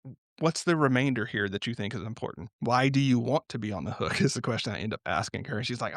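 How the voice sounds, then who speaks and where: A man talking as a guest in an unscripted podcast conversation, telling stories in a reflective but animated way and often laughing. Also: mid-range voice, fast, no room sound, studio quality.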